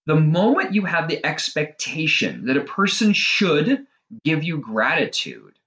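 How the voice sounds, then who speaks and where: A middle-aged man talks in a loose, self-deprecating monologue that is full of fillers. His pitch rises and falls in a lively way. The recording sounds dull and lo-fi. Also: unhurried. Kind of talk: casual monologue.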